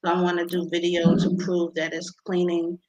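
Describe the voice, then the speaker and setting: Lowish woman's voice, inventor guest, lots of ums and restarts. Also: completely flat delivery, darkish tone, lo-fi sound. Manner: halting, many ums and restarts. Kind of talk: interview, explaining her invention.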